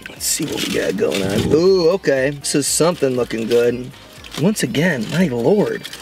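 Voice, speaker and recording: Young man, co-host, casual chat while eating, joking and grumbly, mid-pitched voice. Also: lively intonation, over music. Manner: joking, quick to complain.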